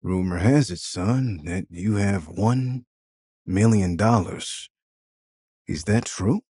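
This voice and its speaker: A man's voice: on the low side, takes it slowly, mellow, breathy edge, no room sound, studio quality. A man voicing a stern, disappointed middle-aged father who scolds his son in an audio drama. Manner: firm, scolding.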